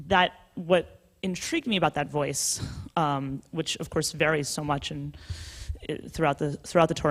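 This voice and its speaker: Woman, novelist, conference panel, thoughtful, hesitant, lots of ums and restarts. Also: sits low. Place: conference hall.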